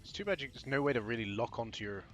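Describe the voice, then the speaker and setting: A man's voice: medium pitch, animated, racing, a bit bright, faint music behind. A young man hosting his own gaming channel, chatting casually over a first playthrough, rambling and trailing off as he plays. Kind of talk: casual game commentary.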